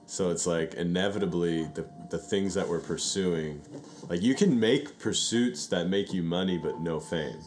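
Man, deep voice, casual profane rambling, podcast host, music under. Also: moderate pace. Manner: rambling, profane, animated retelling. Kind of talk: casual chat.

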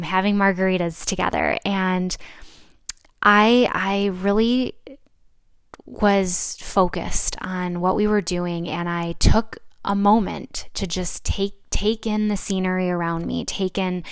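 A woman's voice: medium pitch, clean tone, no room sound, studio quality. A young adult woman hosting a solo podcast, talking in a reflective, chatty way with many fillers and restarts. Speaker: podcast host. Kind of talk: casual solo podcast talk.

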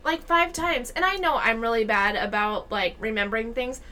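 A woman joining a casual podcast chat, animated and self-mocking as she jokes about her husband. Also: a little high, moderate pace. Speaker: podcast guest co-host.

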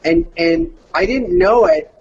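A man's voice: high voice, slow, lo-fi sound. A middle-aged man from Canada, a voice actor casually telling a story and slipping into surfer-dude voices.

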